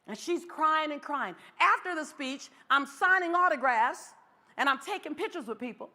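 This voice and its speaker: A motivational speaker, a woman in her forties with a high voice, delivers an inspirational keynote at a moderate pace. She's animated and leans heavily on repeated rallying phrases.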